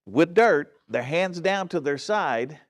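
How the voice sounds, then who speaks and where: A man's voice: fairly high pitch, animated, slow. A man giving a Bible study sermon in a church. He speaks earnestly and with emphasis, often checks in with his listeners, and restarts and corrects himself as he goes. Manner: frequent restarts and self-corrections. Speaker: pastor teaching a Bible study.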